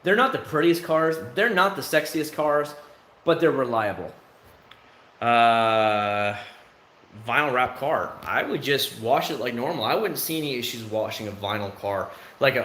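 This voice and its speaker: A man's voice: medium pitch, lively intonation, normal speed, fairly bright tone, echoey room, a little hiss or hum. A man hosting a livestream, chatting casually with viewers in a candid, rambling way full of fillers, outside his home. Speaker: livestream host. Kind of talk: casual chat answering viewers.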